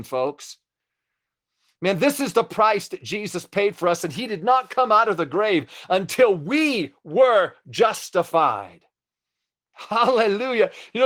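A middle-aged man preaching a sermon, impassioned and exhorting, often turning to address his listeners directly. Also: high-pitched.

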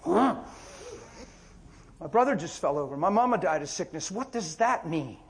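Fervent male preacher, higher voice. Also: animated, moderate pace, creaky. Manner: fervent, rhetorical questions and repetition, swinging between shouting and near whispers. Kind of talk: impassioned sermon.

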